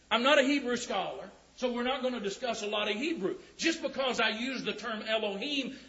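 Male preacher, emphatic drawn-out scripture reading, high bright voice. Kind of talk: sermon. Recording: dull lo-fi recording.

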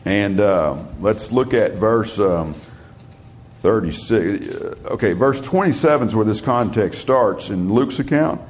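A man preaching a Bible study sermon. He reads scripture slowly and with emphasis, then explains it in plain talk. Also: on the low side, lively intonation, a little hiss or hum.

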